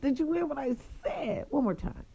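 A woman telling viewers a personal story in a casual, animated, profane way. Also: high voice, moderate pace, highs cut off.

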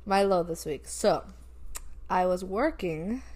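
A woman's voice: on the low side, slow pace. A young woman co-hosting a podcast, animatedly retelling a story about a work call in casual chat. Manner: animated, retells calls with quoted voices, laughs often. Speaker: podcast co-host.

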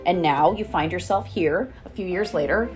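A woman's voice: on the low side, normal speed, faint music behind. A woman as a guest friend in a casual chat, talkative and rambling with a joking edge.

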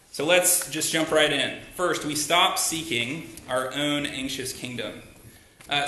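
A man's voice: mid-range voice, bright, forceful tone, slight background noise. A man pastor giving a sermon in a church, talking conversationally and asking the congregation rhetorical questions. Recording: echoey room.

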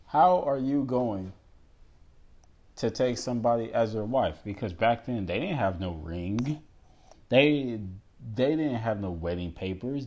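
A man hosting a podcast alone, talking casually and emphatically about scripture, reading verses slowly aloud and asking listeners rhetorical questions. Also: medium pitch, warm tone, slightly rough. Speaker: podcast host.

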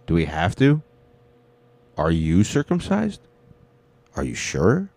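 A man's voice: sits low, wildly swooping pitch, slow pace, pauses often, a little mellow. A man hosting a comedy podcast from home at night, rambling and swearing into a close mic. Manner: rambling, profane, self-deprecating. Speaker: podcast host. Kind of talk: casual comedic monologue. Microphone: mic turned up close.

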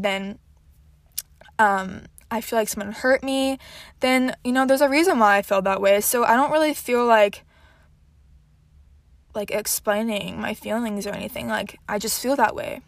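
A woman's voice: fairly high pitch, no echo. A nineteen-year-old woman from Houston hosting her podcast in a casual, scatterbrained chat with lots of fillers. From Houston, Texas. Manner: chatty and scatterbrained, many fillers. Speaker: podcast host.

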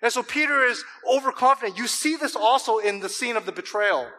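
Man, pastor, high voice, bright tone, animated sermon, playful asides. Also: brisk, poor audio. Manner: animated preaching, voicing scripture quotes with emphasis; joking asides to the congregation.

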